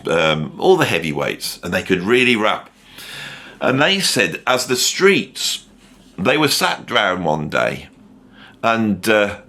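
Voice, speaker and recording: Bloke, middle-aged, low voice that jumps around a lot, rambly opinionated music chat. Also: male voice, a bit bright. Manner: rambling and opinionated, full of asides. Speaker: music commentator. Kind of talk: casual ranked-list commentary.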